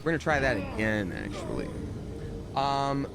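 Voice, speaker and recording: A man streaming a game live, chatting and reading out chat, breaking into loud surprised outbursts. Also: mid-range voice, expressive, normal speed.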